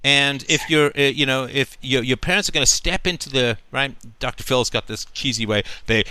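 A man's voice: medium pitch, fast talker, hardly any pauses, pushed and bright. A male host talking emphatically in a long, flowing monologue, often checking in with "right?". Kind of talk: call-in conversation.

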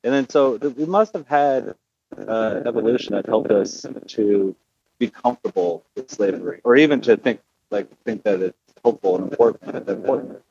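A man's voice: lowish voice, normal speed, darkish tone, breathy edge, no echo, highs cut off. A male caller on a talk show who speaks hesitantly, with many fillers and restarts. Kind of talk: call-in conversation.

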